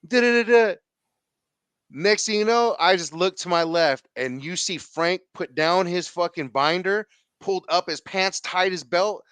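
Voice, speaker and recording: Slangy, animated storytelling man. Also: high-pitched, a little slow, clean tone, no echo. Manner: slangy, profane, animated retelling with acted quotes. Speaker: podcast guest. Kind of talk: casual storytelling.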